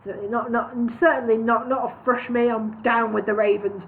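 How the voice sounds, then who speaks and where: A woman's voice: on the high side, fairly quick, slight background noise, natural voice. A woman voicing a cocky male bird who talks street slang and insists he is a raven. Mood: agitated. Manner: street slang, squawking, excitable. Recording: tinny phone-like sound.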